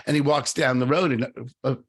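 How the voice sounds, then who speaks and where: A middle-aged man co-hosting a podcast, talking casually and telling a story, animated, with many fillers and restarts. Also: mid-range voice, fast. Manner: animated, lots of fillers and restarts, acts out quoted voices. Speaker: podcast co-host.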